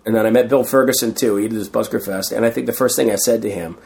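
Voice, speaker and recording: A man's voice: fairly low pitch, fairly even intonation, fast talker, vocal fry, a little mellow. A middle-aged man in a casual interview, telling rambling stories and acting out what others said. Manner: rambling, acts out quoted voices. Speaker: guest, street performer.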